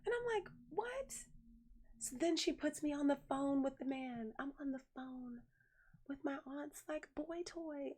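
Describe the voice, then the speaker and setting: A young adult woman chatting casually on a live stream, telling a family story in an animated way and thanking viewers by name. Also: high voice. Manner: chatty, animated storyteller who reads viewer messages aloud.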